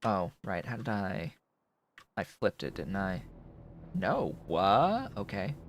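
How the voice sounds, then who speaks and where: A man's voice: fairly low pitch, big pitch swings, slow, slight background noise. A man streaming a building game, thinking aloud in casual commentary as he works.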